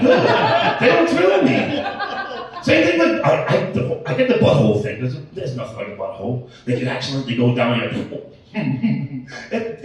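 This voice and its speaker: A man's voice: a little high, a little mellow. A man in his late forties doing a crude, rambling open-mic stand-up set, full of swearing and self-interruptions. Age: 40s. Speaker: stand-up comedian. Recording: echoey room, mic at a distance.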